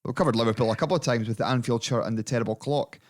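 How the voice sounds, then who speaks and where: A man's voice: medium pitch, rapid-fire. A man co-hosting a football podcast, riffing wryly and steering the segments. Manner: wry, storytelling riffs, steers segments. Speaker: podcast co-host. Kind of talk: casual football chat.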